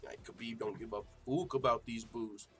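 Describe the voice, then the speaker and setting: A man's voice: lowish voice, normal speed, soft background music. Laughing, profane male show host. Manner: animated, profane, laughs often. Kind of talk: casual livestream chat reading viewer comments.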